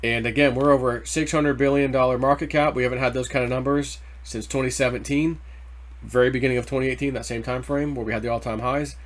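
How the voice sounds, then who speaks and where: A man hosting a casual crypto video, rambling through price talk in loose slang and getting worked up over the numbers. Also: mid-range voice. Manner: rambling, excitable, quick to get worked up over price ticks. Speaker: crypto channel host. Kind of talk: casual market commentary.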